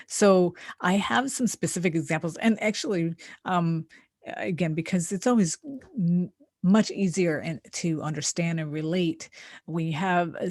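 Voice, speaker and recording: A woman's voice: lowish voice, a little mellow, no echo, clean studio sound. A woman coaching on relationships in casual talk. She is chatty, laughs often and restarts her sentences a lot. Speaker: relationship coach and podcast host.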